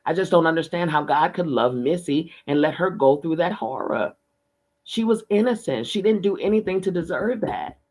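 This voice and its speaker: A man's voice: a little high, animated, normal speed, darkish tone, voice pushed up. A man reading aloud, voicing a grieving middle-aged father who pleads with raw emotion. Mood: anguished. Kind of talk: audiobook reading.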